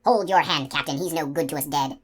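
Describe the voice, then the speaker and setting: A woman voicing a gruff giant male outlaw who talks in a broad country dialect. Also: sits low, fairly quick. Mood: gruff, scheming.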